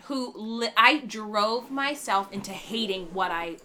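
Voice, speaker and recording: A woman's voice: mid-range voice, unhurried, bright, forceful tone, slight background noise. A woman who works as a stage actor, telling a candid personal story in a casual chat. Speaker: actor, podcast co-host.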